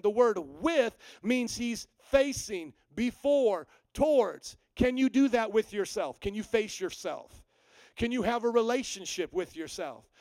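High-voiced emphatic male pastor. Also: darkish tone, clean tone, no room sound, low-quality recording. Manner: emphatic, asks rhetorical questions and answers them. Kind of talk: sermon.

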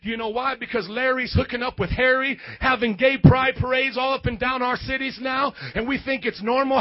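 A man, a youth pastor preaching a fiery sermon to his congregation, breaking into shouted, sing-song outbursts. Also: very high voice, steady tone, moderate pace, few pauses, highs cut off. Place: church hall before a youth congregation.

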